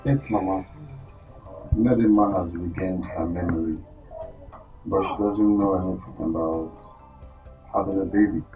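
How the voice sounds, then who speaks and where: An actor with a Nigerian accent playing a remorseful husband, explaining earnestly with some hesitation. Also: male voice, deep voice, warm tone, low-quality recording. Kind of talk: Nollywood film acting.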